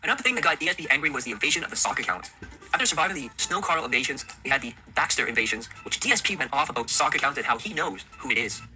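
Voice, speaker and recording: Fast dry narrator man over music. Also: medium pitch, sing-song, pushed and bright, rough recording. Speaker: compilation narrator. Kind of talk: scripted narration. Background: music bed.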